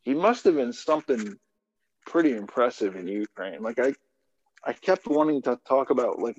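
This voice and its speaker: A man's voice: mid-range voice, expressive, moderate pace, husky. A man guesting on a podcast, musing aloud in casual chat and leaning on fillers as he rambles through his points. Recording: dull lo-fi sound with long reverb.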